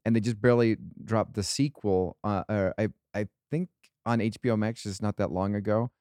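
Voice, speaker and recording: Low-voiced, enthusiastic co-host. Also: male voice, steady tone, normal speed, dark tone, clean tone, dry recording, clean studio sound. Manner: enthusiastic, uses filler "like" a lot. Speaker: podcast co-host. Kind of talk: casual comedy chat.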